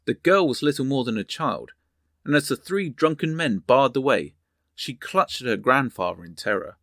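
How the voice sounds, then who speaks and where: A man narrating history in a measured storytelling manner. His pitch moves in a lively way through each sentence. The recording is dry and close. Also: creaky, dry recording. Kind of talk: reading history and a novel aloud.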